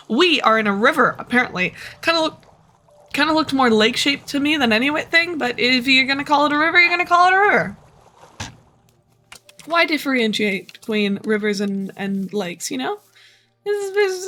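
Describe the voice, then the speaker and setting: A woman's voice: on the high side, sharp tone, a little hiss or hum. A tired woman streamer rambling casually to herself while she plays. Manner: chatty, rambling, self-talking. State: tired, short on sleep. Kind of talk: casual gameplay commentary.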